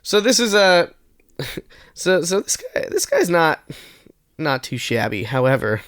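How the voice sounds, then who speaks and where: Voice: mid-range voice, sing-song, unhurried, fairly bright tone, no echo, clean studio sound. Playful co-host setting up a bit. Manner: playful, hums and riffs on bits. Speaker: podcast co-host. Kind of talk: casual comedic chat.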